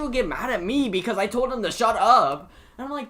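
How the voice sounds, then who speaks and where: A man's voice: sits high, lively intonation, a little fast, hardly any pauses, a bit bright. A teenage boy hosting a stream, telling school stories in a rambling casual chat full of fillers. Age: teens. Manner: rambling storyteller with many fillers and restarts. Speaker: streamer host.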